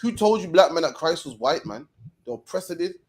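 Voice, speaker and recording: A man's voice: a little high, expressive, brisk, slightly rough. A man from Birmingham, England, co-hosting a podcast in heated casual chat, preachy and slangy, ending lines with "man". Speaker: podcast co-host.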